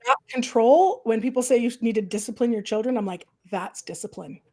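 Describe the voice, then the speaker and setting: This is a middle-aged prairie Canadian woman hosting a laid-back chat. Her voice sits a little high and her pace is brisk, and she animatedly performs quoted voices as she talks.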